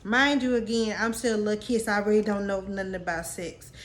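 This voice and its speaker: A woman's voice: medium pitch, fairly even intonation, brisk. A woman in her late twenties telling a personal story to her viewers in a candid, casual, slang-filled way. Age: late 20s. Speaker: vlogger.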